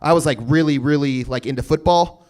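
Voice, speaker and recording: A man in his thirties doing a stand-up comedy set, telling stories deadpan with sudden loud bursts. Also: fairly high pitch, a little fast. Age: 30s. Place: comedy stage before a live audience.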